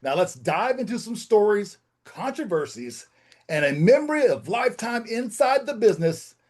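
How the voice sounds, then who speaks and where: Male co-host, announcer-style intro, grand and formal, high-pitched. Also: big pitch swings, normal speed, a little mellow.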